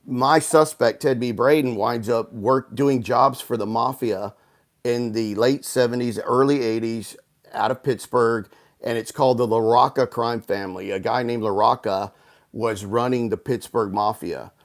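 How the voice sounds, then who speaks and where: A man's voice: medium pitch, fairly even intonation, a little slow. A man from Houston, a guest author, telling a long story over a video call, rambling with frequent restarts and fillers. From Houston, United States. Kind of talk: casual storytelling interview.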